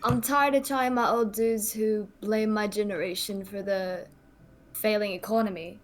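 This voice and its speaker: A woman's voice: medium pitch, fairly even intonation, moderate pace. A woman co-reading a visual novel on stream with friends, hesitant and unsure of herself. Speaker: co-player on stream.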